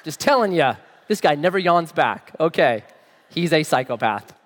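A man's voice: fairly high pitch, sing-song, moderate pace, big-room sound. A man preaching a sermon in a conversational way, often asking his listeners questions. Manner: conversational, asks the audience questions. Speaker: pastor.

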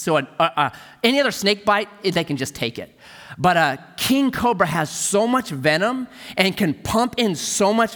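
A man preaching a sermon as a pastor, telling stories with animated energy and dropping to a hush for emphasis. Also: on the high side, in a large hall.

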